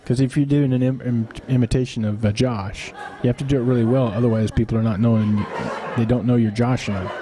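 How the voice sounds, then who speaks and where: A man's voice: mid-range voice, fairly even intonation, fast talker, few pauses, background noise. A middle-aged man hosting a live stream, chatting casually with viewers and telling rambling family stories with chuckles and teasing asides. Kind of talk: casual storytelling to chat.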